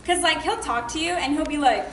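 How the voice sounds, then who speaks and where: A woman's voice: high-pitched, brisk, a bit bright. A woman as a gossipy teen girl. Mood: griping. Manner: chatty, confiding. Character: gossipy teen girl griping about her ex. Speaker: student actor in a stage monologue. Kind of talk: comic stage monologue. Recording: echoey theater hall, faint hiss.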